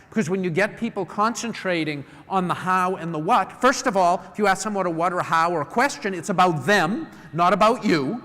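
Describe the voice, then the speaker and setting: A middle-aged man from New England giving a live conference talk, a lively storyteller who acts out customer phone calls. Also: high voice, brisk, few pauses. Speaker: conference speaker. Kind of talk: live presentation to an audience. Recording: long hall reverb.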